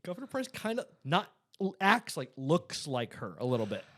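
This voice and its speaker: Relaxed chuckling male podcaster. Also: a little high, normal speed. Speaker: podcast co-host. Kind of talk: casual recap chat.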